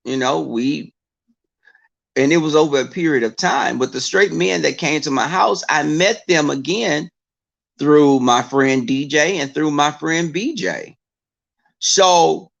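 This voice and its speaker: A man chatting casually to his viewers, telling stories in an animated way and breaking into mocking impressions of others. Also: fairly high pitch, gravelly, highs cut off.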